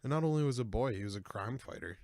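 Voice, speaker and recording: A man's voice: mid-range voice, animated, fast talker, darkish tone, no room sound, studio quality. A man in his twenties hosting a podcast, rambling and joking in a casual, self-deprecating chat. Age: 20s. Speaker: podcast host.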